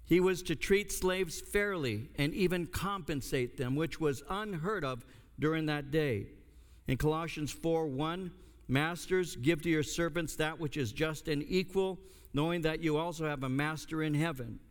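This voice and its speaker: A man's voice: a little high, measured pace. Older man preaching in a reverberant hall. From United States. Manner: storytelling with lively, comic asides. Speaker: pastor. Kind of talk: sermon.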